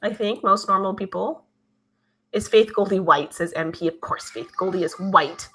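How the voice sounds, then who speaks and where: A woman hosting a live stream reads her viewers' comments out loud and replies to them in a relaxed, chatty way. Her mid-range voice is husky and a touch bright, moving at a moderate pace.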